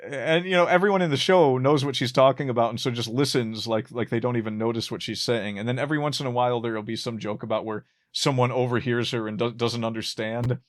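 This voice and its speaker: A man in casual conversation about an old sitcom, his voice sitting in a middle pitch. He wanders through his points with lots of restarts and chuckles at his own jokes. The tone is relaxed and conversational. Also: fast, hardly any pauses. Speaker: podcast co-host.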